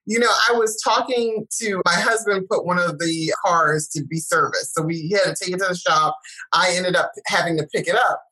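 A woman's voice: lowish voice, normal speed, poor audio. A middle-aged woman, a guest speaker, chatting and telling stories, acting out the voices she quotes. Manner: animated storyteller, acts out quoted voices. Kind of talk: casual chat.

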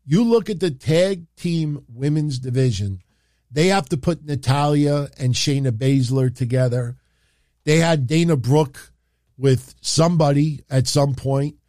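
A man's voice: on the high side, darkish tone, no echo. Opinionated New York man, dry sound. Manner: rambling and opinionated, many filler phrases. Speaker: wrestling commentary streamer. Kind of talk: casual opinion talk on a livestream.

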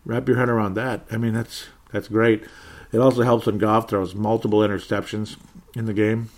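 Hosting a football podcast on his own, a man recaps the week's games in a rambling, sarcastic style, sighing and chuckling along the way. His voice is lowish and flat, delivered at a normal speed.

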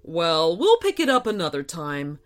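A woman voicing a gentle, loving father of a young girl, speaking softly with a fond, teasing manner. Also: high-pitched, sing-song, moderate pace, faint music behind, pitched above the performer's own voice.

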